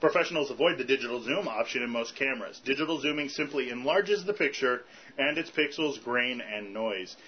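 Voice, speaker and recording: A man's voice: mid-range voice, lively intonation, a little fast. A man co-hosting a fan podcast in casual chat, reading out tips and web addresses and laughing often. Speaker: podcast co-host. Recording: dull lo-fi recording with faint hiss.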